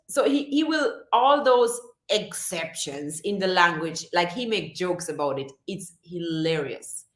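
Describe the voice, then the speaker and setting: A woman's voice: medium pitch, lively intonation, unhurried, hardly any pauses. A woman hosting a casual livestream chat, reading viewer comments aloud and laughing often. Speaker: livestream host. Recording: echoey room.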